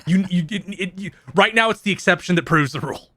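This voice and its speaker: A man co-hosting a casual podcast, animated and quick to explain details, swearing freely. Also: high voice. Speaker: podcast co-host.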